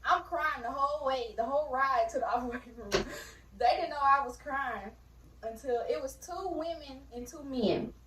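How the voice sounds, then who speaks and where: A young woman talks loosely to her viewers, full of fillers, her voice a touch high. She sits a little away from the mic, so the room echoes around her. A faint hiss of room noise sits underneath. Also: normal speed. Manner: chatty, addresses viewers as y'all, many fillers. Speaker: new mother telling her birth story. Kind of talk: casual storytime vlog. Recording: roomy, distant mic.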